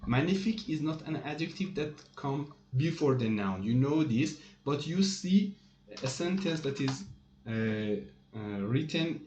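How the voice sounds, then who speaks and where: A man teaching a French lesson in English. He explains slowly, with many "uh" pauses, and stresses each English meaning. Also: on the high side, very animated, a little mellow. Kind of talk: slow, hesitant lesson explanation. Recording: echoey room with faint typing noise.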